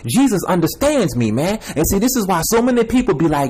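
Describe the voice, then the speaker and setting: A man's voice: sits high, very animated, a little fast, a little mellow, slightly rough, low-quality recording. A young man giving a repetitive, emphatic personal testimony, addressing viewers as y'all and man. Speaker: self-made video preacher.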